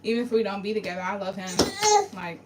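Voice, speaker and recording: A woman's voice: medium pitch, fairly even intonation, fast. A woman venting through tears in a raw confessional vlog, her voice breaking as she swears and talks through grief, recorded in a home bathroom. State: tearful. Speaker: vlogger. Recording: distant mic with noise.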